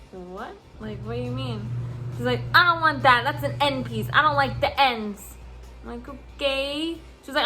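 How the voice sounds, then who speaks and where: A young woman telling a casual storytime vent about her deli job, animated and swearing a lot, laughing as she acts out the people she quotes. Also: high voice. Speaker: deli worker.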